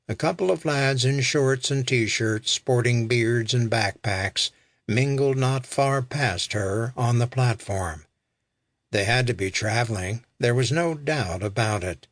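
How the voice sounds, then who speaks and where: A man narrating an audiobook in a measured, deliberate way. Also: medium pitch, no echo, studio quality. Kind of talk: scripted narration.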